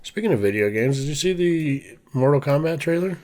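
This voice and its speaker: A man's voice: fairly high pitch, expressive, fairly quick, mellow. A man co-hosting a podcast in casual chat, easygoing and teasing, often giving short replies. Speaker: podcast co-host.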